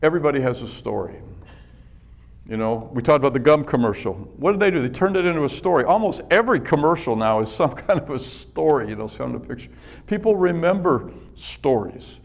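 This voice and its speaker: A man with a gravelly, high-leaning voice speaks expressively and fairly quickly as he motivates a business audience at an event venue. He relates personal stories in a conversational style, chuckling frequently.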